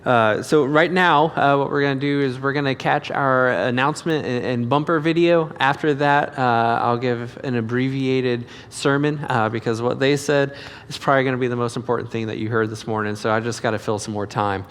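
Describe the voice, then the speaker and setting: A man hosting a church service as youth minister, upbeat and casual, halting with fillers. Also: medium pitch, steady tone, a bit bright, clean tone. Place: church sanctuary. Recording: long reverb of a church hall.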